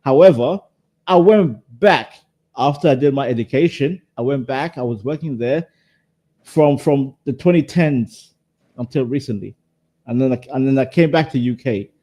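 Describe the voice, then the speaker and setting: A man's voice: mid-range voice, normal speed, mellow. A man in his thirties from Somalia, chatting casually on a livestream panel and repeating words when flustered. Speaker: panel guest.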